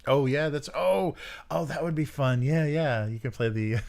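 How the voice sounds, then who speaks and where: A man's voice: mid-range voice, vocal fry, darkish tone. A man co-hosting a podcast in casual chat, rambling with many fillers and frequent chuckles. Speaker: podcast co-host. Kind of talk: casual chat about tabletop games.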